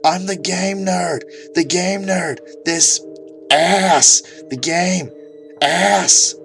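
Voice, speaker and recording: A man's voice: a little high, brisk, soft background music, pitched above the performer's own voice, close to an everyday voice. A man voicing a ranting, foul-mouthed male game reviewer who screams crude insults. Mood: screaming.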